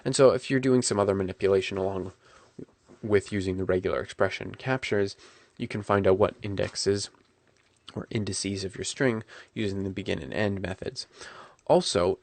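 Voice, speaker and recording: A man talking through a coding tutorial at his computer, relaxed and correcting himself as he types. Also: fairly low pitch, moderate pace, vocal fry, no room sound. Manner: relaxed, self-correcting, talks while typing. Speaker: programming instructor.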